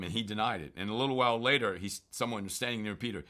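A man explaining scripture passages in a loose, unscripted way. His voice sits low and comes out bright and forceful. He stresses key words and stumbles over himself now and then. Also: fast talker, few pauses. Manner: earnest, emphatic, with frequent fillers and restarts. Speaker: Bible teacher. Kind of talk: informal scripture commentary.

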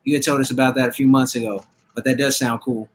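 A man's voice: mid-range voice, fairly even intonation, fast, slight background noise. A man co-hosting a podcast in casual chat, rambling with many fillers and restarts. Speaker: podcast co-host.

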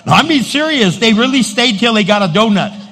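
A middle-aged man preaching a sermon as pastor, loud and animated, acting out little voices to make his points. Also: very high voice, fairly quick, slight background noise.

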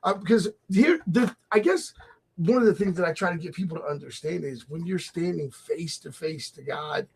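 A man hosting a casual faith talk show, animated and laughing often as he acts out little voices. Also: high-pitched, normal speed, gravelly, husky. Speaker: host. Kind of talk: casual radio chat about faith.

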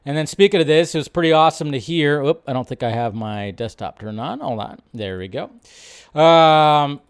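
A man's voice: fairly high pitch, lively intonation, normal speed, clean tone. Rambling man hosting a live film show. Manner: rambling, restarts sentences, reacts aloud. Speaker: host. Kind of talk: casual live-stream commentary.

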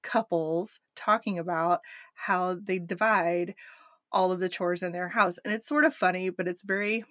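A woman co-hosting a podcast, recapping a documentary in casual chat with animated asides. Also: lowish voice, normal speed, no echo, dull audio. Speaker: podcast co-host.

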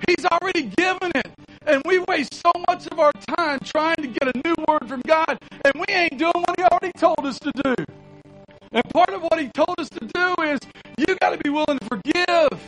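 A man delivers a sermon in a strikingly high voice, talking in a folksy, conversational way. He leans into repeated phrases when he wants to drive a point home. Faint music plays quietly behind him. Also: low-quality recording. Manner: folksy, rising to urgent emphasis with repeated phrases. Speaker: pastor.

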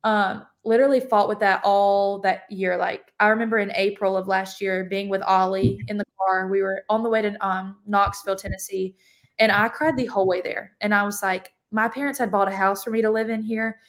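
Sharing her testimony on a podcast, a young woman speaks fairly quickly in a mid-range voice with little pitch movement. She's chatty and casual, saying "like" constantly.

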